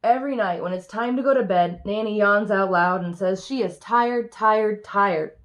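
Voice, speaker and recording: A woman reading a children's picture book aloud in an expressive, lively first-person storytelling voice. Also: medium pitch, a little fast. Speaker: reader.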